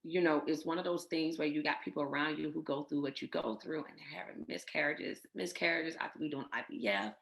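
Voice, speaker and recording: A woman with a low voice tells her own story in an interview. She is heartfelt and emotional, speaks of faith, and often acts out what others told her. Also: fairly even intonation, a little fast, gravelly, hardly any pauses, fairly bright tone. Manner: emotional, faith-filled, retells others' words. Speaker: guest sharing her infertility story.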